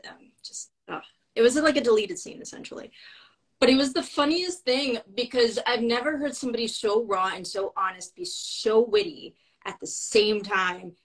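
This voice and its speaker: A woman's voice: a little high, a bit bright, rough recording. A woman talking as a guest in a casual conversation, enthusiastic and rambling, with many fillers and restarts.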